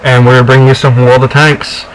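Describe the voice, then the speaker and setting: A man's voice: mid-range voice, flat delivery, normal speed, slight background noise, low-quality recording. A young man co-hosting a casual game walkthrough, chatty and rambling with lots of fillers. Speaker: co-host of a gameplay video.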